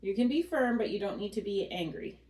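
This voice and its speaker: A woman dog trainer at home, calmly and patiently talking through a training session and softly praising the dog. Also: mid-range voice, a little fast, music in the background, poor audio. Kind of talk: hands-on training demonstration. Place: home living room.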